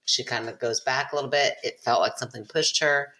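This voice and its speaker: A woman co-hosting a podcast, teasing and skeptical, quick to debunk. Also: rumbling low, fairly even intonation, fairly bright tone. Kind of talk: casual chat.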